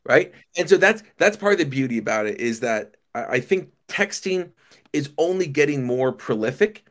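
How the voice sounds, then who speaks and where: A man as a podcast guest, talking casually with animated storytelling and stammered restarts. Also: mid-range voice, moderate pace. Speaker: podcast guest, company founder.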